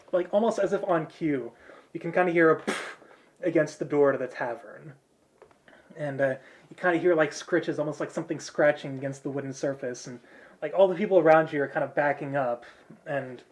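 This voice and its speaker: A man narrating as game master, in a relaxed, rambling way with many fillers. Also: medium pitch, normal speed.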